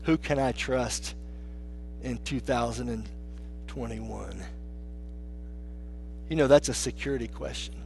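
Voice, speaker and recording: A man preaching a sermon as pastor, swinging between hushed, low lines and raised, emphatic ones. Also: slow, gravelly, long pauses, slight background noise.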